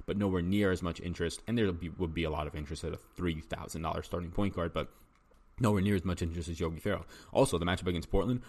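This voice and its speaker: Guy hosting a fantasy sports podcast, talks super fast, lots of ums, low voice. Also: a little mellow. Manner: rapid, talky analysis with frequent ums and restarts. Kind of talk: solo fantasy basketball picks breakdown.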